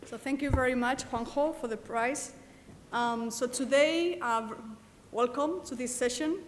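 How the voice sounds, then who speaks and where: A woman's voice: sits high, unhurried, slight background noise. Woman introducing a speaker in an echoing hall. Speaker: session chair introducing the speaker. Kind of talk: formal introduction. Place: lecture hall. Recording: long hall reverb.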